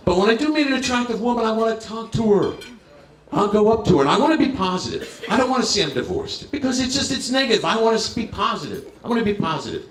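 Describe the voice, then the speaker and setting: Brash stand-up comic in an echoey bar. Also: male voice, sits high, sing-song, racing, hardly any pauses, a bit bright. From New Jersey. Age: 50s. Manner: brash, crowd-working, punchline timing. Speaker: stand-up comedian. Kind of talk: stand-up comedy set. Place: bar stage.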